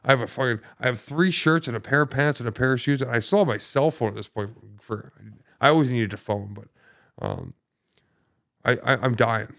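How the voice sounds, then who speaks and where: A man's voice: mid-range voice, big pitch swings, a little fast, creaky, a bit bright. A young man, a podcast guest, telling his recovery story in casual talk, rambling with many fillers and heavy swearing.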